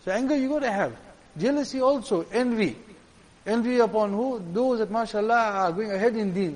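High-voiced male preacher in a reverberant hall. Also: a little fast. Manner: earnest, emphatic preaching with repeated phrases. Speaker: religious preacher. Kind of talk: sermon.

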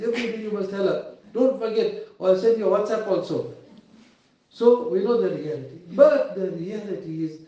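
A man's mellow, high voice carries an earnest sermon that includes English, pleading, with emotion swelling and ebbing. The dull, lo-fi recording was captured far off in an echoey mosque hall.

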